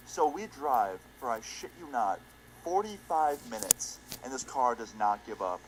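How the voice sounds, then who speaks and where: A man's voice: medium pitch, very animated, measured pace, a little hiss or hum, poor audio. A young man casually narrating a storytime video in a laid-back, slangy way with casual swearing. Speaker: storytime YouTuber.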